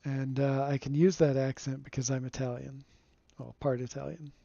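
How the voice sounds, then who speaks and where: A man streaming a game, giving relaxed, rambling commentary and chuckling often, recorded on a home streaming mic. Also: mid-range voice, moderate pace, creaky, no echo. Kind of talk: casual gameplay commentary. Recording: dull lo-fi dry sound.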